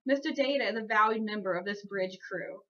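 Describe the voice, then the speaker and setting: A woman's voice: mid-range voice, fairly quick, muffled recording. A woman narrating a fan-made audiobook, reading steadily and correcting small slips as she goes. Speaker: audiobook reader.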